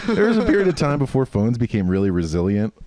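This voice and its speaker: A man's voice: mid-range voice, huge pitch swings, fast talker, mellow, no echo. A man hosting a casual comedy podcast, telling rambling, jokey stories. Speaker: podcast host.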